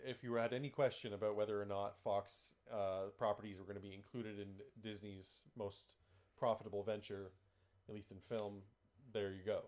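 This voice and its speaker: A man's voice: lowish voice, little pitch movement, moderate pace, a little mellow. A man co-hosting a podcast in casual chat. He rambles, swears freely and keeps steering the topic. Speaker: podcast co-host.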